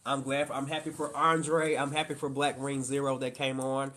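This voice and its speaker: A playful father chats on a casual live stream, teasing gently and joking along. He keeps speaking straight to his viewers, calling them "y'all". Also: mid-range voice, flat delivery, normal speed, noisy background.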